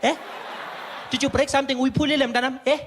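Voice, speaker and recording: A man doing a loud, mocking hospital clerk woman. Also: very high voice, level tone, slight background noise, pitched above the performer's own voice. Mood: taunting. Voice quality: loud, teasing, drawn-out "eh?" tags. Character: brusque mocking female hospital check-in clerk.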